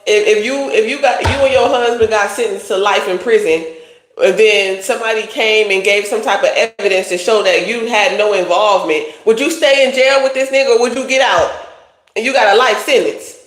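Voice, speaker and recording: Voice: mid-range voice, a little fast, a bit bright. A tarot reader giving a casual livestream reading, talking bluntly in profane slang. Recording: roomy echo.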